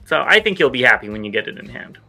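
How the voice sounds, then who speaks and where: A man co-hosting a casual toy news show, running through items with quick, relaxed asides. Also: mid-range voice, gravelly, faint music behind. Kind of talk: casual chat.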